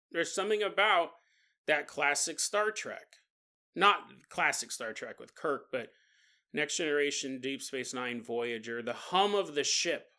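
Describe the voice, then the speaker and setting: A man's voice: on the high side, bright, forceful tone. A man hosting a podcast alone, talking casually and playfully, often laughing at his own jokes. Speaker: podcast host. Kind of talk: casual monologue.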